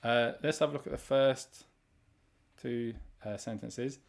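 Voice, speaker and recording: A man of middle pitch teaches a recorded language lesson. He explains grammar points in a steady, patient way and reads each word slowly before translating it. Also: gravelly. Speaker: Arabic teacher.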